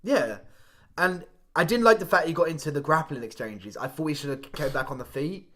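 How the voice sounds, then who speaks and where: A man's voice: a little high, a little fast, a bit bright. A young man co-hosting a casual podcast chat, easygoing and hesitant, often trailing off mid-thought. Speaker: podcast co-host.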